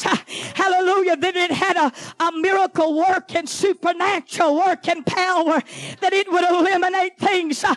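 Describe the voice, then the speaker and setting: A middle-aged woman, preaching a fiery sermon in church, shouting, chanting and throwing questions at the congregation. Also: very high-pitched, no room sound. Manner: shouting, chanting, call-and-response asides. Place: church sanctuary.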